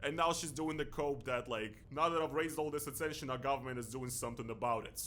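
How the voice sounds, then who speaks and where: A man giving casual commentary with an animated, sarcastic delivery. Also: mid-range voice, fast talker, slight background noise. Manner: animated, sarcastic, mock-pleading asides. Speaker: co-host commentator.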